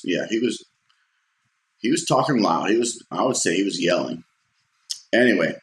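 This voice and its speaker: A man's voice: on the low side, fairly bright tone. A man casually telling a personal story, rambling with fillers and restarts and acting out quotes in a raised voice. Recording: roomy echo.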